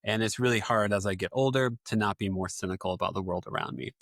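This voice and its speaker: A man's voice: lowish voice, fast, vocal fry, dry recording, studio quality. A man hosting a podcast, chatty and musing aloud in casual conversation. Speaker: podcast host. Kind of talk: casual chat.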